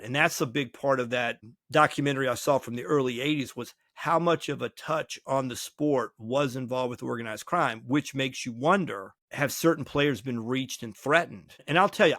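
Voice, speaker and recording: A man's voice: medium pitch, a bit bright, dry recording. A man co-hosts a casual podcast with a mid-range voice, and he acts out quoted dialogue as he tells his stories. The sound is dry and close, with almost no room behind it. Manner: storytelling, acting out quoted dialogue. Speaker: podcast co-host.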